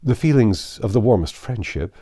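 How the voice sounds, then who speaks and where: A man reading a grave older gentleman's lines in a classic novel, speaking in a heartfelt way. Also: fairly low pitch, expressive, moderate pace, breathy edge, no echo, studio quality, voice pushed up.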